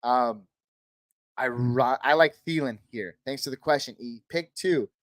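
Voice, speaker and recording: A man from Northern California hosting a live fantasy football Q&A, reading chat questions and giving quick, casual verdicts on who to start. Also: medium pitch, no room sound. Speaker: fantasy football livestream host.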